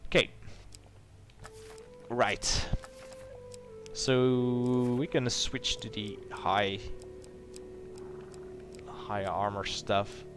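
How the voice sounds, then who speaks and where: A man's voice: on the low side, fairly even intonation, extremely slow, pauses often, over music. A man hosting a let's play, reading game text aloud and adding rambling asides. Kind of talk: narrating a video game playthrough.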